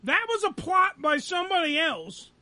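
A man hosting a radio show, telling an angry, profane story about being fired, loud and repetitive. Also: very high-pitched, very animated, moderate pace, no echo. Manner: angry, loud, swearing, repeats himself.

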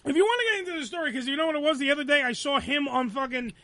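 A man hosting a radio show, telling an angry, profane story about being fired, loud and repetitive. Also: extremely high pitch, very fast, dry recording. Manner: angry, loud, swearing, repeats himself.

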